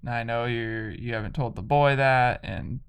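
A man's voice: mid-range voice, moderate pace, smooth, close to an everyday voice. A man voicing a forest witch who coos over a boy and scolds his father. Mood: stern. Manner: doting then stern.

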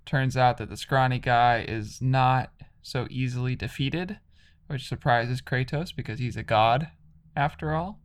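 A man's voice: medium pitch, a little slow. A man casually retelling a video game's story, rambling with lots of "like".

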